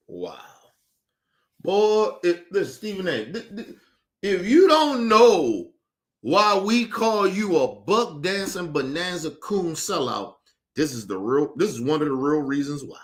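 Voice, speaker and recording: A man's voice: high voice, sing-song, slow pace. A man streaming his reaction to a clip, ranting in incredulous, profane commentary.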